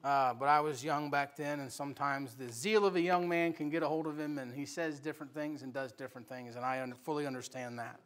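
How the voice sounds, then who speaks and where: A man preaching a Bible study sermon in church, swinging between quiet asides and loud, emphatic exhortation. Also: a little high, steady tone, brisk, few pauses. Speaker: pastor.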